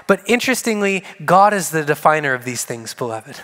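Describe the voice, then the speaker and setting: A man with a high voice preaches from a church stage, leaning on repetition to drive each point home. His words ring out with a long reverb that hangs in the sanctuary. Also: big pitch swings, fairly quick, fairly bright tone. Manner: earnest, repeats key phrases for emphasis. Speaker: pastor. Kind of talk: sermon.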